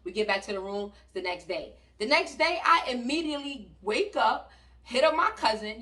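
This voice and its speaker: A woman from New York with a New York accent, telling a story in an animated, loud and slangy way and talking to her viewers. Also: a little high, moderate pace, a little hiss or hum. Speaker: vlogger. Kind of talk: storytime vlog. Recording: voice a bit distant from the mic.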